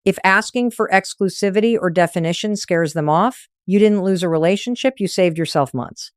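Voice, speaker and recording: A woman's voice: on the low side, moderate pace, no room sound, clean studio sound. A woman delivering a scripted motivational monologue on relationships, direct and emphatic in punchy short sentences. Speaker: relationship advice speaker.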